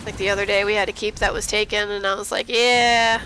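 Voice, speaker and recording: A woman's voice: medium pitch, level tone, fairly quick, bright, forceful tone, slight background noise. A woman streaming a game, chatting casually and giddily, often laughing at herself. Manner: giddy, chatty, self-mocking, laughs often. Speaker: gaming streamer. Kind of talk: casual commentary while playing.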